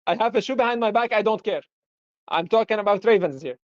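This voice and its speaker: A man's voice: sits high, fast, dry recording, dull audio. A man lecturing on philosophy in a live-streamed discussion, explaining through examples and rhetorical questions.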